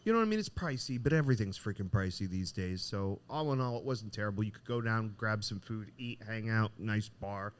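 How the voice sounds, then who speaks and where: Man, middle-aged, low voice, lively storyteller in casual podcast chat. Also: normal speed, hardly any pauses. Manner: animated, acts out the voices in his story. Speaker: podcast co-host. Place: cigar shop.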